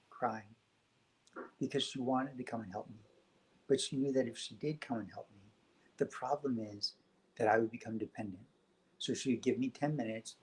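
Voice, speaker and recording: A man talks in a soft, gentle way, taking his time over each thought. He sounds reflective and sincere, a guest in a quiet spiritual conversation, with a voice of ordinary male pitch. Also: rough recording. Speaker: podcast guest.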